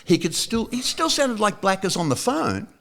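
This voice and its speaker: Gravelly older Australian man telling stories. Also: high voice, moderate pace. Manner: animated storyteller who acts out other people's lines. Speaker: guest, saxophonist. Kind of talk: casual anecdotal chat.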